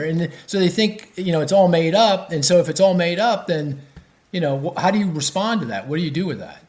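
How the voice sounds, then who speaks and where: Animated economist, lively pitch. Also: male voice, fairly quick. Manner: animated, thinks aloud with fillers and restarts. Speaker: economist guest. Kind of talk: podcast interview.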